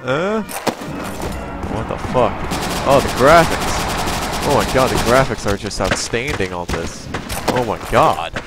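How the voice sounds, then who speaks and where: A young man giving profane, excitable let's play commentary with yelling outbursts. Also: mid-range voice, slow, pauses often, very noisy. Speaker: gamer. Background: game music and gunfire.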